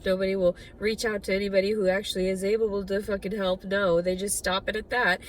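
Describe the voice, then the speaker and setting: A woman's voice: mid-range voice, little pitch movement, brisk, recorded from a distance, slight background noise. A woman venting in an angry, profane, bitter personal rant for her video diary. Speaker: vlogger.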